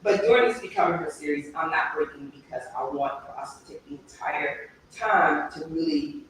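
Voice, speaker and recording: A woman's voice: sits low, lively intonation, normal speed, slight background noise. A woman hosting a live-stream talk show, speaking emphatically and repeating words for stress. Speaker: livestream show host. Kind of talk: casual live-stream conversation. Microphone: remote live-stream setup. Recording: echoey room, voice from far off.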